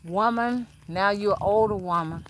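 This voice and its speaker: Here the same kind of casual livestream: an older woman acting as spiritual advisor, frank and preachy, restarting sentences and leaning on fillers. Her pitch is medium and her speed normal, with slight noise in the background.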